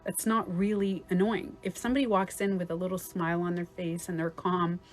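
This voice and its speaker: A woman's voice: on the low side, flat delivery, brisk, faint music behind. A woman life coach in a casual livestream talk, chatty and swearing at times, acting out other people's voices.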